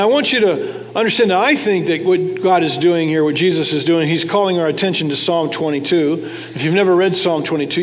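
A pastor preaches a sermon in a fairly high voice, talking conversationally with the congregation and tossing questions their way. A large hall gives his words a long reverb.

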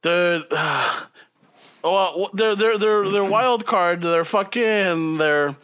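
A man in his forties who rambles in casual bilingual chat, halting and swearing, often laughing. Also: sits high, a bit bright, clean tone. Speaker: podcast co-host. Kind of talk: casual bilingual chat, mixing English and Spanish.

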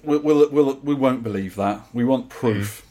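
A man's voice: medium pitch, a little slow, dark tone. A man co-hosting a podcast in casual, jokey chat, reading listener messages aloud. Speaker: podcast co-host.

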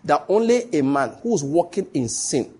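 A Nigerian male pastor preaching a live-streamed sermon, telling stories and repeating key phrases for emphasis, dropping to a hush and then rising. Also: on the high side, sing-song, moderate pace, husky. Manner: dramatic shifts between hushed and raised voice.

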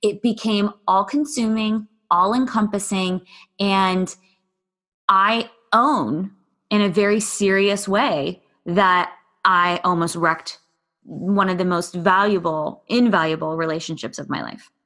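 A woman's voice: mid-range voice, slow, a bit bright. Woman telling a raw personal story. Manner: raw, blunt, swears freely, quotes herself and others. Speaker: podcast guest. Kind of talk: candid conversational storytelling.

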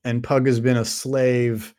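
Slow-talking guy, rambly recap of a book, casual chat. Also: mid-range voice, little pitch movement, darkish tone, clean tone. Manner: rambling, lots of fillers and restarts. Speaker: podcast host summarizing a book.

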